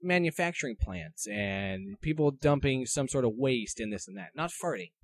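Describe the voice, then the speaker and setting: A man's voice: a little high, normal speed, vocal fry. A man co-hosting a casual comedy podcast, reading out odd news stories and stumbling over his notes.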